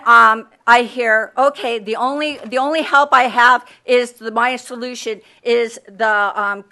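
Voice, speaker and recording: A woman's voice: on the high side, pushed and bright. An older woman, a homeowner speaking at public comment in a council chamber, angry and pleading, repeating her questions.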